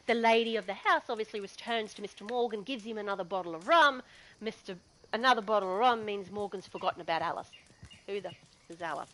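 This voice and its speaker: A woman's voice: mid-range voice, fast talker, fairly bright tone, poor audio. A woman with an Australian accent telling a story in a chatty, digressive way as a gaming vlogger. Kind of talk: casual storytelling.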